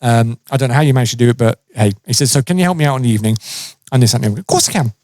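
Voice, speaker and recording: A man's voice: mid-range voice, racing, dry recording, clean studio sound. A man casually telling a funny story on a podcast, acting out the people in it and laughing often. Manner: animated, lively, acts out quotes and laughs often.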